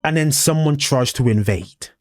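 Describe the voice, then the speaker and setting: A man's voice: medium pitch, expressive, normal speed, dry recording, studio quality. Blunt, swearing male podcast co-host. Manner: blunt, swears, acts out imagined scenes. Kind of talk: casual review chat.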